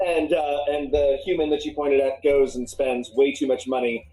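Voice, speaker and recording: A game master narrating a tabletop game, pausing often with ums and restarts. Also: medium pitch, level tone, dark tone, poor audio.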